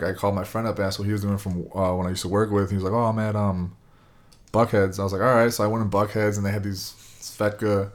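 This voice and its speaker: Fast-talking low-voiced man, rambling. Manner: rambling, lots of "like" and "you know". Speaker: friend telling a story. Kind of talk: casual storytelling.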